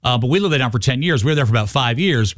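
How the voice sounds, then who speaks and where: A man's voice: mid-range voice, very fast, no echo, studio quality. A man in casual chat, joking around and telling stories. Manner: joking, storytelling, lively.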